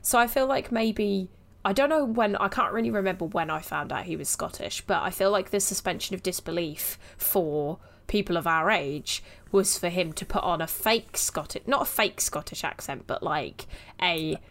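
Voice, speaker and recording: A young woman co-hosting a casual podcast chat, chatty and quick to laugh. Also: fairly low pitch, vocal fry, fairly bright tone. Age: young adult. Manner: giggly, chatty. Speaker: podcast co-host. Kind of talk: casual chat about a TV show.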